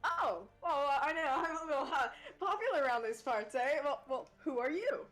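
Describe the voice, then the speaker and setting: Nervous, rambling sea captain with a lively swing, played by a woman; tabletop game. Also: sits high, normal speed, soft background music. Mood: pleading. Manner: rambling, full of fillers. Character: fearful, blustering male ship captain. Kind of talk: tabletop role-play.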